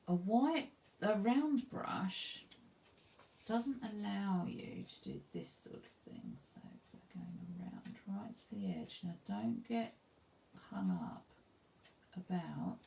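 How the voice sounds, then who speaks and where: Chatty Essex woman with a gravelly voice. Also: medium pitch, a little mellow, slight background noise. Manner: chatty, self-deprecating, thinks aloud while working. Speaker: craft tutor. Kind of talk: live painting demonstration.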